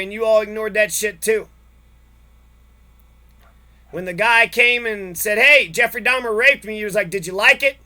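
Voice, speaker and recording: A man's voice: sits high, sharp tone. A man angrily telling his own story in a long, profane, repetitive monologue. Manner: angry, profane, repetitive ranting. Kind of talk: angry personal monologue.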